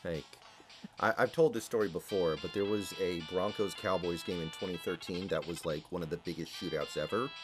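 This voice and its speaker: A man with a low voice tells rambling stories over game music on a live stream. He swears freely and keeps it casual. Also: brisk. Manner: profane, storytelling. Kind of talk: casual chat.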